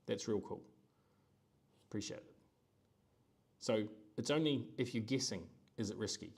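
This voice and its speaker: Kiwi guy ranting on his live stream, chatty, animated, middle-aged. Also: fairly low pitch, unhurried, husky. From New Zealand. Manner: animated, conversational, acts out quoted voices. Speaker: host.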